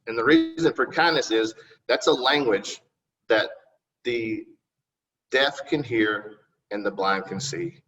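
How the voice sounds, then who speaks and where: A man's voice: mid-range voice, sing-song, slow, pauses often, fairly bright tone. A middle-aged man, a city council candidate answering interview questions in a rambling, folksy and polite way. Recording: distant, muffled recording.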